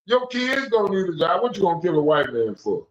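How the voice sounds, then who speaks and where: An animated young man holds forth on a casual call-in stream, his voice swinging up and down as he rants, loose and profane. The sound is echoey and a bit dull, like a lo-fi room recording. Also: fairly high pitch, fast. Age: young adult. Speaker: stream host.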